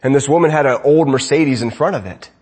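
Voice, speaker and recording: A man's voice: medium pitch, quick pace, a little mellow, breathy edge. A man preaching a sermon as pastor, conversational, often asking his congregation rhetorical questions.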